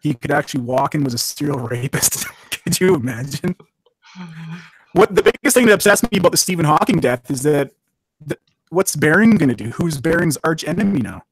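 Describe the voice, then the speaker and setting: A man from Canada talks as a podcast guest, rambling through crude, profane stories and laughing at his own jokes. His voice sits a bit high, recorded close and dry with no room sound. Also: animated, a little fast, breathy edge, dry recording, low-quality recording. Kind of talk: casual podcast chat.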